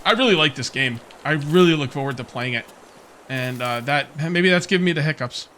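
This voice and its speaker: Animated and brisk, a man with a voice on the high side casually comments on a survival game as a let's player, with slight background noise. He rambles and muses, questions himself with soft laughs, and has the hiccups.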